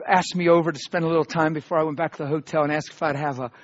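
A pastor preaching a sermon, swinging from loud emphatic proclamations to hushed asides. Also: male voice, fairly high pitch, fairly even intonation, very fast, muffled recording.

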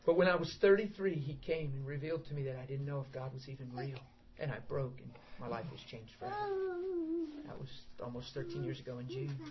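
A middle-aged man preaching a sermon, telling stories in an animated way with bursts of shouting and laughter. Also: mid-range voice, fast talker. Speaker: pastor. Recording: dull lo-fi sound.

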